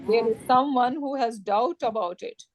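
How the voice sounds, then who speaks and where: A woman's voice: fairly high pitch, moderate pace, a little hiss or hum. Encouraging woman teaching a grammar class. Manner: explains step by step, often checks with "right?"; warm encouraging tone with religious phrases. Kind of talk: live class lesson.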